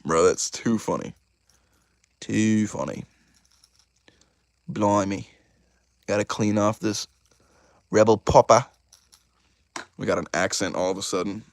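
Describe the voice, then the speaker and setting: A young man hosting a casual live stream, excitable and chatty, talking straight to his chat. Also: fairly low pitch, moderate pace, vocal fry, no echo. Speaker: YouTuber host of a live stream.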